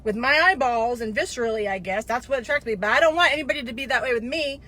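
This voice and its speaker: A woman's voice: a little high, fast, sharp tone. Chatty, rambling woman in her fifties. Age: 50s. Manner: rambling and chatty, with digressions and restarts. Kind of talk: casual monologue to viewers.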